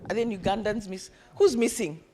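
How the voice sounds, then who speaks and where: In a fast, medium-pitched voice, a woman runs an energetic summit session in a conference room. She calls on the crowd to repeat words after her and counts the attendees.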